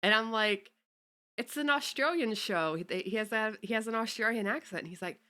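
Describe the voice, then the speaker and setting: In a casual livestream, a young female VTuber welcomes her viewers and tosses out offhand curses. Her voice is fairly high and sharp, at a normal speed.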